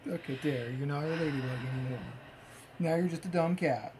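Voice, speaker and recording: A woman's voice: low-pitched, a little fast, warm tone, rough recording. A woman at home talking to her cat while dressing it up, coaxing and teasing in a playful baby-talk way. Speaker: pet owner filming her cat. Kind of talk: casual chat to a pet. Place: home, indoors. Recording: home video with noticeable background noise.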